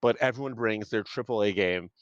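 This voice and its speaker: Rambling, excited low-voiced man. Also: a little fast, no echo, dull audio. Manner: rambling, enthusiastic, many fillers. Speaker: panelist. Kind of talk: casual movie review chat.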